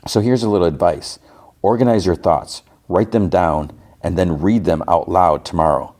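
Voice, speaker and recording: A man's voice: low voice, normal speed, darkish tone. A man hosting a podcast, casually retelling a TV episode scene by scene, quoting the characters loosely and adding his own asides. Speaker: podcast host.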